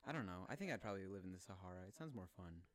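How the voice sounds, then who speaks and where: A young man talking loosely and profanely in a relaxed chat, his voice sitting fairly low. The sound is dry and close, with no room around it. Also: racing, no room sound. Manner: laid-back, rambling, profane, laughs often. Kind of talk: casual chat.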